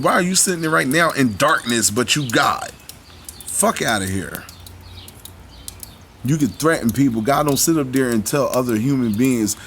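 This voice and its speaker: A man's voice: mid-range voice, a bit bright, slight background noise. A man ranting in live commentary, heated and profane, preaching at his viewers between clips.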